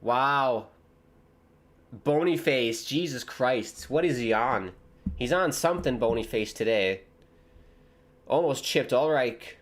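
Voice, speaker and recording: Young male streamer, rambling and jokey, mid-range voice, casual match chat with bursts of excitement. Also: medium pitch, slow, long pauses. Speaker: streamer hosting a football watchalong. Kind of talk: casual live commentary and chat.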